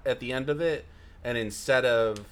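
A man's voice: mid-range voice, normal speed, clear, resonant tone. A man co-hosting a podcast in casual chat, thoughtful and hesitant, with many ums. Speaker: podcast co-host.

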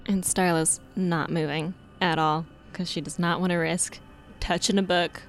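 A woman's voice: fairly low pitch, flat delivery, moderate pace, soft background music. A woman playing in a tabletop game, speaking playfully about her character. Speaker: player.

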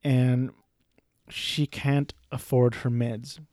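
A man's voice: mid-range voice, level tone, drawn-out words, a little mellow, no room sound, clean studio sound. A man talking casually and rambling through a movie review, swearing and poking fun at himself. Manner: rambling, profane, self-deprecating.

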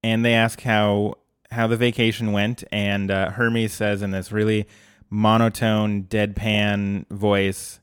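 A man's voice: fairly low pitch, flat delivery, takes it slowly, smooth, no echo. A man co-hosting a casual podcast, talking in a dry, jokey way and quoting lines. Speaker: podcast co-host.

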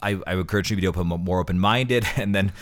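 A deep-voiced man in his thirties chats casually about his experiences as a priest. He rambles a little, restarting sentences and repeating words as he goes. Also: quick pace. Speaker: priest co-host. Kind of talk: casual storytelling chat.

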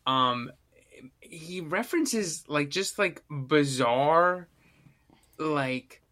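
A man's voice: on the high side, animated, very slow, sharp tone. A man co-hosting a podcast in casual chat, rambling with restarts and casual swearing. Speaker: podcast co-host.

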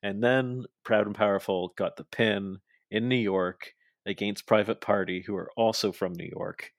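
Chatty low-voiced man recapping wrestling. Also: moderate pace, no room sound, studio quality. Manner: chatty, animated, acts out quoted lines. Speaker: podcast co-host. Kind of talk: casual wrestling recap chat.

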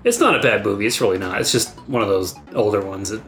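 A male podcast co-host in casual chat, talking in a relaxed, plain-spoken way. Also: fairly low pitch, fast talker, soft background music.

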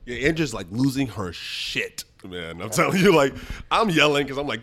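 A young man from the Bronx, telling a story as a podcast guest. He laughs often and acts out his own lines loudly. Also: medium pitch, normal speed. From the Bronx, New York. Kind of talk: animated storytelling.

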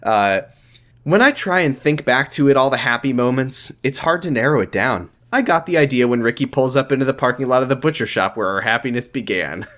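Wry man co-hosting, lively pitch. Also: brisk. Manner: wry, teasing, deadpan asides. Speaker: podcast co-host. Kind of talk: comedic reading of fan fiction aloud.

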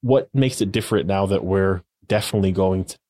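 A man's voice: deep voice, brisk, dark tone, dry recording, studio quality. A man co-hosting a podcast, retelling episode events in a loose, filler-heavy way. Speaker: podcast co-host. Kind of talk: casual episode recap.

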